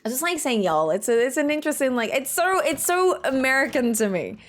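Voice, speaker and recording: A young woman from Australia streaming a game, chatting casually with her chat in a rambling way, with "like" in every sentence and quick laughs. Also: high voice, very animated. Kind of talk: casual chat reading out chat messages.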